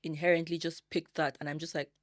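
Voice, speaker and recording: A woman's voice: deep voice, flat delivery, quick pace, no room sound. Podcast guest woman, dry close sound. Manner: storytelling with quoted inner asides. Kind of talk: conversational interview.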